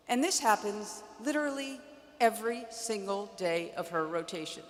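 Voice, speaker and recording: Woman around 60, commencement keynote, wry measured delivery, podium mic, long arena echo. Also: mid-range voice, expressive. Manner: measured, wry storytelling with dry humor. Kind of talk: prepared commencement speech. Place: large indoor arena.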